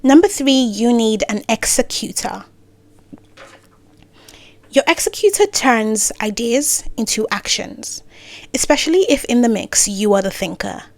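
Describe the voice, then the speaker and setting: A woman talking casually to camera with career advice, full of playful asides and self-corrections, sometimes dropping into soft near-whispers. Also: a little high, animated, unhurried, no echo. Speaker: creator giving career advice.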